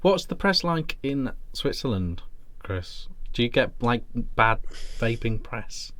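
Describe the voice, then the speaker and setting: A man's voice: medium pitch, sing-song, slow, a bit bright, dry recording. A man with an English accent, co-hosting a casual chat in an easygoing way and putting questions to the others. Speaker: co-host.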